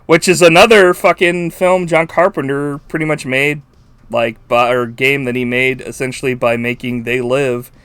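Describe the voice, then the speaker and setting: A man co-hosting a podcast in casual chat, animated, swearing freely and laughing often. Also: medium pitch, moderate pace, smooth, dry recording, faint music behind. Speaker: podcast co-host. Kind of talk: casual chat about a film.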